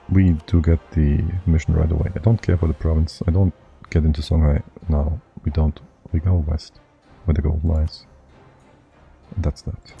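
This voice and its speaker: A man's voice: rumbling low, gravelly, warm tone, muffled recording. A man streaming a strategy game live, thinking aloud and muttering to himself as he plays.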